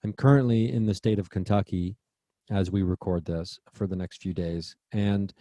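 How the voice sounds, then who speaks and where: A man's voice: low-pitched, fairly even intonation, moderate pace, warm tone, no room sound. A man co-hosting a podcast in casual chat, rambling and searching for words. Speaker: podcast co-host. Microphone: remote call mic.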